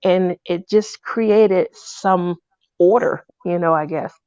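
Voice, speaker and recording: A woman telling a personal story in a casual, animated way. She acts out the people she quotes in a loud voice. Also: lowish voice, slow, clean tone, dry recording. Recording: dull, dry lo-fi recording.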